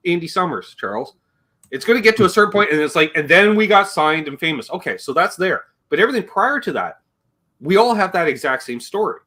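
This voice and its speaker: A man's voice: fairly high pitch, a bit bright. A man hosting a casual livestream chat, rambling and joking and reading viewer comments aloud as he talks. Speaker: livestream host.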